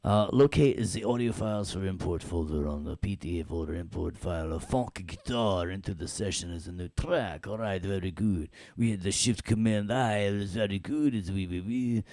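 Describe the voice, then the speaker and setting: A man teaching an audio software class in a playful, joking way, talking the students through each step. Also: low-pitched, moderate pace, few pauses, no echo, studio quality. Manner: playful, jokey, talks to the class. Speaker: audio production instructor. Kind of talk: live classroom software tutorial.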